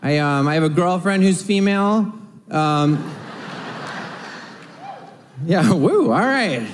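A man's voice: high voice, lively intonation, takes it slowly, a little hiss or hum. A man doing a stand-up comedy set, telling observational stories and acting out voices. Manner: observational storytelling with acted-out voices. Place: comedy club stage. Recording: live club recording with long reverb and faint crowd ambience.

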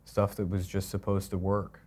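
A man's voice: deep voice, completely flat delivery, normal speed, a little mellow. A man in his thirties co-hosting a comedy podcast, grumbling and gloomy in casual chat. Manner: gloomy, grumbling, heavy swearing. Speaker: podcast co-host.

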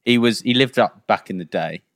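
Man, podcast co-host, rambling storyteller, lowish voice, dead dry sound. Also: moderate pace, fairly bright tone, no echo. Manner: rambling, tells a story with lots of "right?".

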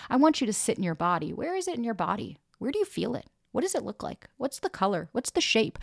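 A woman's voice: medium pitch, vocal fry, no echo, clean studio sound. A young woman hosting a podcast, telling a breakup story bluntly, swearing freely and acting out what people said. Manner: blunt, profane, animated, quotes people in raised voices. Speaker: podcast host and dating coach. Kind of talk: candid casual storytelling.

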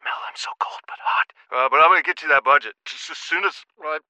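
An actor playing a feverish, shivering sick dad in a comic ad, whimpering and trailing off. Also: male voice, a little high, fast talker, sharp tone, no room sound. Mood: feverish, groggy. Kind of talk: comic ad acting.

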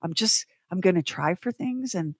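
With a lowish, slightly mellow and husky voice, a middle-aged former TV writer producer who now co-hosts a podcast chats casually at normal speed, animated, earnest, and emphatic as she talks through her feelings. It's a dry, studio-quality recording.

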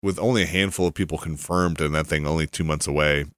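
A man co-hosting a casual podcast chat, animated and hedging his points. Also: a bass voice, fast talker, dry recording, studio quality. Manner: animated, hedging, slips into goofy voices. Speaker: podcast co-host.

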